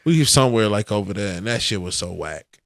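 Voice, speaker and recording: Profane, animated man telling stories. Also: fairly low pitch, quick pace, dry recording. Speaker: podcast co-host. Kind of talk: casual storytelling chat.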